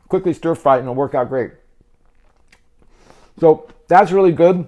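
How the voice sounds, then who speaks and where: Chatty guy talking health to camera while eating, fairly high voice, mellow tone, keeps restarting words. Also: moderate pace. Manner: encouraging, speaks straight to the viewer. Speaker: health video host.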